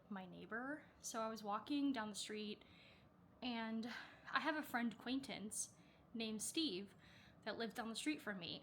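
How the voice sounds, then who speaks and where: A woman's voice: a little high, bright, forceful tone, a little hiss or hum. A young woman vlogging in a chatty, rambling way, full of filler words. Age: young adult. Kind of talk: casual vlog chat.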